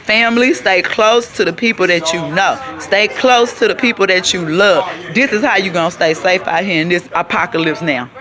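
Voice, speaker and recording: A woman's voice: on the low side, normal speed, few pauses, a crowd in the background. A woman, vlogging an emphatic, preachy rant while out on a walk, calling her listeners child and baby. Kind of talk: outdoor rant to camera. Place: outdoors on a city walk.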